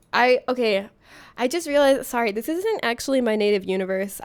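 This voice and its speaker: A woman from Florida, streaming a game and casually chatting with viewers, playful and laughing often as she reads chat aloud. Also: medium pitch. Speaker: livestreamer.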